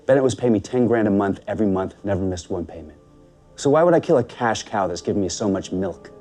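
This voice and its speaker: An actor playing a defensive former contractor turned loan shark who speaks in a matter-of-fact way. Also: male voice, lowish voice, animated, fast talker, dark tone, faint music behind, lightly acted.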